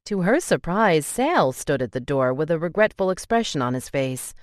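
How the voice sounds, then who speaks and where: A woman's voice: low-pitched, animated, normal speed, dry recording, studio quality. A woman narrating a romance audiobook in an emotive way, voicing the tearful heroine's lines with feeling.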